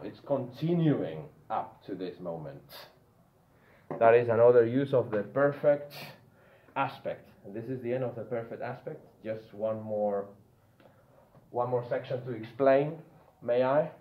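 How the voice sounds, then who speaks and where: A man teaching an English grammar lesson. He explains slowly, repeats and stresses key words one at a time, and keeps checking that the listener follows. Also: mid-range voice, roomy sound, lo-fi sound, slight background noise.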